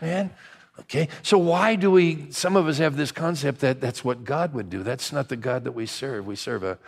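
An older male pastor delivering a sermon like a conversation, full of anecdotes. He stumbles and restarts often, then breaks into lively asides. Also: mid-range voice, normal speed, vocal fry. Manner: conversational storytelling, many restarts, animated asides.

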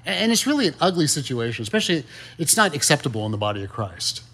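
Male pastor, casual folksy sermon, slightly high voice. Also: sing-song, fast, sharp tone, husky. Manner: conversational, folksy, with many fillers and rhetorical questions.

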